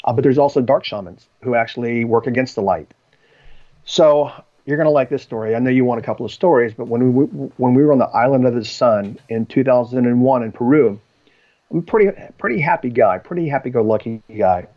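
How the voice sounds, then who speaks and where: Speaking at a quick pace in a mid-range voice, this male podcast guest wanders through personal anecdotes, often saying um and starting over. The lo-fi audio sounds a bit dull, and the talk is conversational storytelling.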